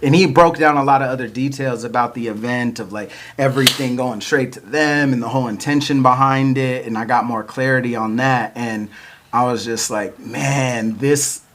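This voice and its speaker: A man's voice: medium pitch, steady tone, normal speed, fairly bright tone. Laid-back man telling a story. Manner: laid-back, chuckles often, many fillers like "like" and "you know". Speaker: podcast host and battle rapper. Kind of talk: casual storytelling chat.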